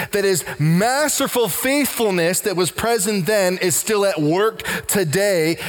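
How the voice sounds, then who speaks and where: A man's voice: high voice, big-room sound. A man pastor preaching a sermon, emphatic, repeating key phrases and calling for responses from the congregation.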